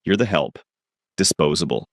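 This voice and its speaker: A man's voice: a bass voice, animated, moderate pace, no room sound, clean studio sound, pitched below the performer's own voice, exaggerated voice. A man voicing a cruel ex-wife who speaks with false sweetness, in a storybook reading. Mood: sweetly cruel.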